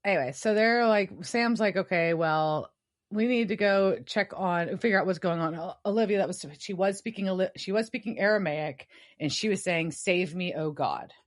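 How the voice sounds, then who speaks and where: A woman's voice: mid-range voice, normal speed. A woman co-hosting a podcast who recaps an episode casually, swearing freely and acting out the characters' lines. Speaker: podcast co-host.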